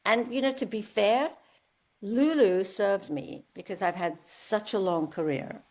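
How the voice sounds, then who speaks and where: Woman, seventies, podcast guest, lively storyteller, middle pitch. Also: measured pace. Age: 70s. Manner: lively storyteller, acts out quoted voices. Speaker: guest singer. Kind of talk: candid podcast interview.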